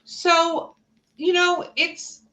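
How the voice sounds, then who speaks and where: A woman's voice: very high voice, level tone, extremely slow, pushed and bright. A woman co-hosting a podcast in casual chat, thinking aloud and asking questions back. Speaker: podcast co-host. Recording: roomy echo.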